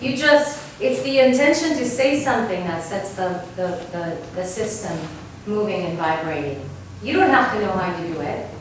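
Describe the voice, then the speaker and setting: Leading a choir workshop, an Argentine vocal coach speaks at medium pitch and a moderate pace, animated and with few pauses, over a little hiss or hum. The mic is far off in an echoey room; she demonstrates by singing sounds and keeps asking "right?".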